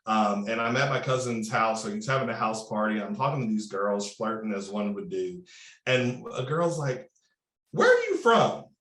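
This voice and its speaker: Animated Southern Indiana man in his thirties. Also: fairly low pitch, normal speed, reverberant. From Southern Indiana, USA. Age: 30s. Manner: animated, drawling, repeats words when starting. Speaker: panelist. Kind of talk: panel discussion storytelling.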